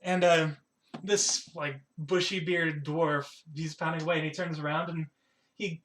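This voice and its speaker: Running a tabletop game as game master, a man rambles through his narration with plenty of fillers. His voice is slightly high and fairly bright, with fairly even intonation at normal speed.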